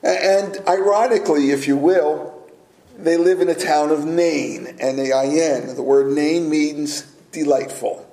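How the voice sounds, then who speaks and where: A man preaching a sermon as pastor, speaking deliberately and pausing for emphasis. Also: on the high side, steady tone, dark tone. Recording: echoey room.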